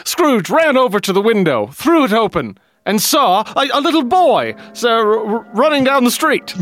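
A man narrating a comic storybook tale in a mock-solemn, halting way. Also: very high voice, big pitch swings, fairly bright tone, faint music behind.

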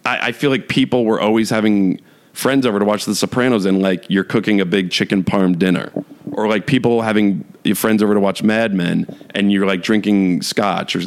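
A young man chatting casually and ranting with exasperation, full of fillers and restarts, laughing as he talks. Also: lowish voice. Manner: rambling, lots of "like" fillers and restarts, laughs while talking; mocking, exasperated rant. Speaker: podcast host. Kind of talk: casual solo chat.

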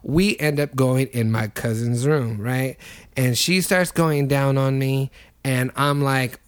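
A man's voice: medium pitch, fairly even intonation, slow, clear, resonant tone. A man co-hosting a podcast, telling a crude story in casual chat, swearing and laughing as he goes. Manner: profane, laughing anecdote-telling. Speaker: podcast co-host.

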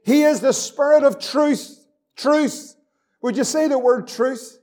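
A man's voice: very high-pitched, slow pace, a little mellow. A man preaching a fervent sermon as pastor, repeating phrases and reading scripture aloud.

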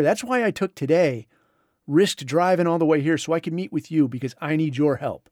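A man's voice: fairly high pitch, moderate pace, a little mellow, no echo, studio quality. A middle-aged man hosting a podcast, telling a story in a laid-back, conversational way and ending with advice to his listeners. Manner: laid-back, conversational, drawls and mimics others in retold dialogue. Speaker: podcast host. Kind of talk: casual storytelling monologue.

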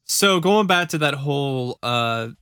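A man's voice: medium pitch, lively intonation, measured pace, bright, forceful tone, smooth, no room sound. A man talking in a casual chat, rambling with restarts. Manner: rambling, many fillers and restarts.

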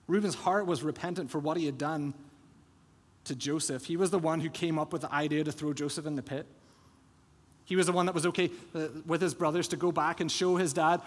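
A man's voice: on the high side, fairly even intonation, a little fast. Earnest man preaching in a reverberant church. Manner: earnest expository preaching that retells scripture scenes. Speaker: pastor. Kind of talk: sermon. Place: church sanctuary. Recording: long church hall reverb.

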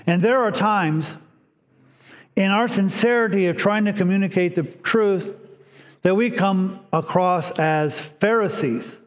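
A man's voice: sits high, unhurried. A man preaching a sermon as pastor, telling stories in an earnest, reflective way. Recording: long hall reverb.

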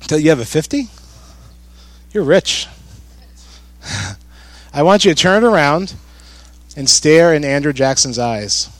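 A pastor preaching a sermon in church, talking conversationally, repeating key phrases and putting questions to the congregation. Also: male voice, on the high side, expressive, takes it slowly, long pauses, fairly bright tone, no echo.

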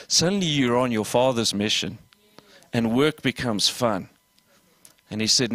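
A man preaching a lively sermon as pastor, voicing little dialogues and asking the congregation questions. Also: mid-range voice, moderate pace, no room sound. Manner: animated preaching with acted dialogue and audience questions.

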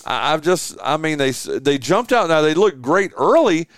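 A man's voice: on the high side, moderate pace, dry recording, studio quality. A man hosting a sports radio show from his home man cave, chatting casually and joking with a guest. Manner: animated, joking, lots of fillers and restarts.

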